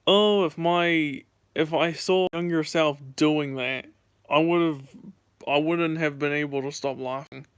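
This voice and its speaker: Rambling young man, smooth dry voice. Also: fairly high pitch, steady tone, measured pace, dry recording. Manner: rambling, filler-heavy storytelling. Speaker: streamer. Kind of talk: casual gaming chat.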